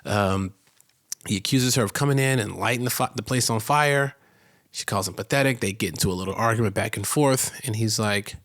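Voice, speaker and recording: A man co-hosting a casual rewatch podcast, recapping episodes, laughing often and jumping up in pitch to act out characters. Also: brisk, fairly bright tone. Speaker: podcast co-host.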